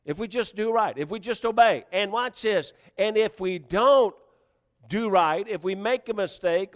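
A male pastor preaches a sermon in an animated, emphatic style, often repeating himself and climbing into questions. His voice is high for a man, and a long reverb from a large hall trails his words.

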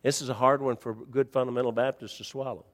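A male pastor preaching a sermon, telling a story and rising to near-shouts as he acts out the exchange. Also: mid-range voice, flat delivery, quick pace, in a large hall.

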